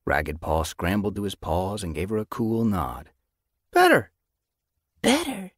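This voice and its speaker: A man narrating a children's animal novel as an audiobook, with expressive storytelling. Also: low-pitched, normal speed, no echo, studio quality. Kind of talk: scripted narration.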